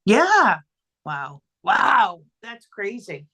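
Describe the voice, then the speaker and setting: A woman co-hosts a chatty podcast with a bright, forward tone. She gets animated, often exclaims, and lets thoughts trail off as she reacts to her friend. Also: medium pitch, drawn-out words, breathy edge. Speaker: podcast co-host. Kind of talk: casual chat.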